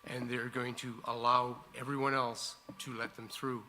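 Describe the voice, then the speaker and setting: A man's voice: medium pitch, little pitch movement, normal speed, bright, forceful tone, a little hiss or hum. A male election candidate speaking emphatically at a public forum. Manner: emphatic, repetitive. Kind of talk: debate answer. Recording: reverberant hall.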